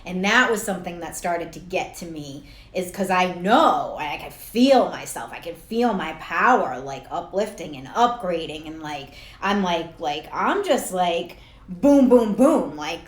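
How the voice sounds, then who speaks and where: A woman's voice: on the low side, animated, measured pace, few pauses. A young woman coaching to camera, chatty and blunt, swearing freely and laughing at herself. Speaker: life coach. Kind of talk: casual talk to camera. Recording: roomy echo.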